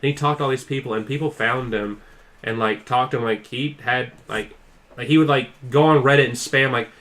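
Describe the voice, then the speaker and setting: Brisk and a bit bright, this mid-range male voice belongs to a podcast co-host spinning a long, casual story. He fills it with "like" and voices the quoted people with heightened energy.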